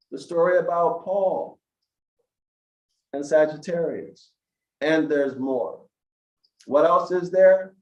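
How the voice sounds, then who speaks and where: A man with a slightly high voice gives a slow, emphatic lecture to an online audience, his voice rising into preachy questions aimed at listeners. The recording is dull and lo-fi, with an echoey room ringing around him.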